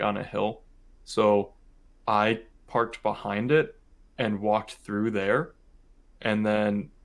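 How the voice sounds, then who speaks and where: A young man from Michigan, co-hosting a podcast, rambles casually through a family story, full of "like" and "um." His voice is lowish and creaky.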